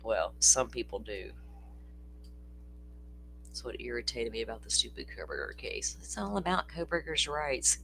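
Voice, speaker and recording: A tired, chatty livestream host drifts from thought to thought, laughing often and cursing casually. The voice sits at an everyday middle pitch. A faint hum lies under the recording. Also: sing-song, normal speed, creaky, pauses often, a bit bright. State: tired, yawning. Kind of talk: casual true-crime livestream chat.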